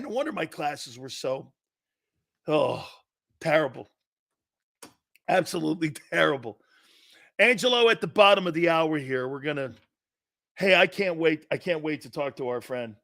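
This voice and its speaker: Sports talk host, middle-aged man: bright, high voice, animated storyteller who laughs a lot. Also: normal speed, gravelly, pauses often. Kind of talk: casual sports talk show.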